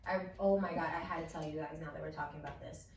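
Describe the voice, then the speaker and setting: A woman's voice: deep voice, fast talker, roomy sound, distant mic, slight background noise. A woman in her twenties co-hosting a podcast, telling stories in casual chat and acting out quotes. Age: 20s. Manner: animated storyteller acting out quotes. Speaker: podcast co-host.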